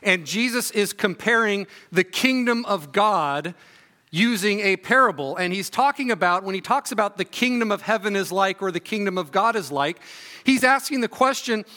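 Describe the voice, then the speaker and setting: A man preaching a sermon in a church, reading scripture aloud and teaching with relaxed, joking asides. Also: high-pitched, normal speed. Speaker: guest preacher. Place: church sanctuary.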